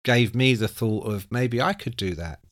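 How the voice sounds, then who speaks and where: Speaking at a moderate pace and medium pitch, this sixty-something man is a music writer guesting on an interview. He's an animated teller of anecdotes, performing the quoted lines and cursing freely throughout a long, casual story.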